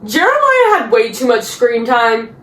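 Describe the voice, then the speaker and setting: High-voiced, exasperated woman in an echoey room. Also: measured pace. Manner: animated and exasperated, with mocking put-on voices. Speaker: TV recap vlogger. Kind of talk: casual chatty episode recap. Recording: echoey room with faint noise.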